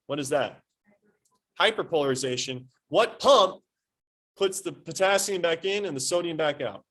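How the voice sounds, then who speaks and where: A man's voice: a little high, lively intonation, moderate pace, fairly bright tone. Man quizzing a classroom as teacher. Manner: quizzing, rhetorical questions, playful analogies. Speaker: high school anatomy teacher. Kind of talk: classroom lecture with questions to students.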